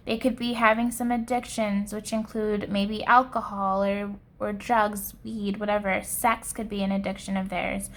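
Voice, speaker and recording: A woman giving a pick-a-card tarot reading with a slow, soft and earnest delivery. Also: a little high. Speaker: tarot reader.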